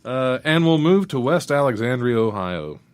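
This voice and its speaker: A man's voice: mid-range voice, big pitch swings, normal speed, smooth. A man hosting a casual comedy podcast, reading out strange news stories with wry asides and frequent laughter.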